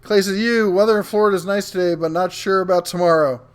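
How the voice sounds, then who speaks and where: A man's voice: sits high, fairly even intonation, quick pace, clear, resonant tone. A middle-aged man hosting a live tool show, chatting casually and reading viewer comments aloud with frequent ums. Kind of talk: casual livestream chat.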